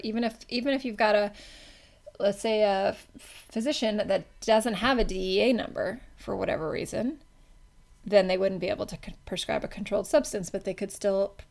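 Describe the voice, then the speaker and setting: A woman's voice: medium pitch, gravelly, a little mellow. A woman teaching a pharmacology class in a casual, conversational way, often correcting herself mid-sentence. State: has the hiccups. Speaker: pharmacology instructor. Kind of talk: classroom lecture.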